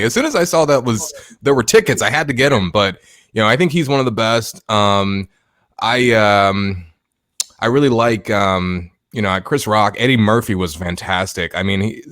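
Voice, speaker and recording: A man's voice: on the low side, fairly bright tone, no room sound, studio quality. A man co-hosting a podcast in casual chat, laughing often and restarting sentences full of fillers. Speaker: podcast co-host.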